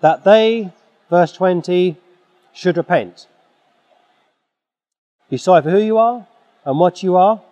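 A preacher delivers a forceful, exhorting sermon in a slightly high voice. The sound is dull and muffled, with a long reverb from a large hall. He clears his throat now and then. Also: slow pace, long pauses.

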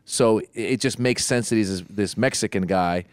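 A middle-aged man chatting casually, telling long stories. His voice is smooth and resonant. He often stops and restarts his sentences, and the sound is dry and close. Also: fairly low pitch, moderate pace, dry recording. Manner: rambling storyteller, many restarts. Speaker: podcast co-host. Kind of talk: casual chat.

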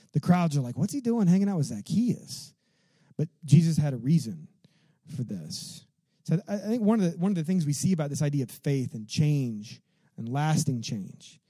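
A man preaching a sermon as a pastor, in an animated, conversational way, full of rhetorical questions and casual fillers. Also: a little high, dry recording.

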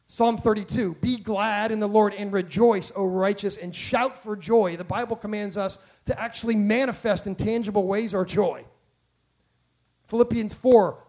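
A man preaching a sermon from a stage, emphatic and animated, with frequent restarts and rhetorical questions. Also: sits high, moderate pace.

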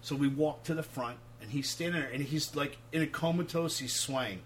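A man, a touring musician, telling animated road stories full of swearing and acted-out quotes. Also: fairly high pitch, normal speed, slight background noise. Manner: profane, animated anecdotes acting out quotes. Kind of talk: casual storytelling.

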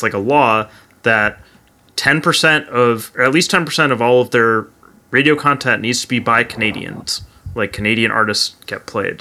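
Bright-voiced rambling man. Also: medium pitch. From Detroit area, USA. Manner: rambling, filler-heavy. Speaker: podcast co-host. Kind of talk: casual podcast chat.

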